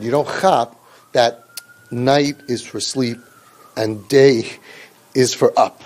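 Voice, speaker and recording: A man's voice: mid-range voice, measured pace, darkish tone. A man leading a parent training group, talking sarcastically and mimicking children and parents. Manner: sarcastic, mimics kids and parents in exaggerated voices. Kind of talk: spoken parent training talk.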